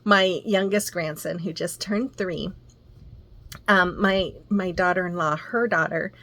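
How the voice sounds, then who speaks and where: A woman's voice: fairly low pitch, steady tone, unhurried, sharp tone. An older woman hosting a crafting channel, chatting in a rambling, storytelling way and walking through a craft tutorial from her craft room. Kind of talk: casual chat and craft tutorial.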